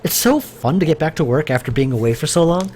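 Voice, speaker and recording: A man's voice: a little high, expressive, fast, darkish tone, a little hiss or hum. Man rambling while working on stream. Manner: thinking aloud, rambling with many fillers and restarts; chatty, answers viewer chat. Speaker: game developer streaming his work. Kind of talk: casual live-stream commentary while working.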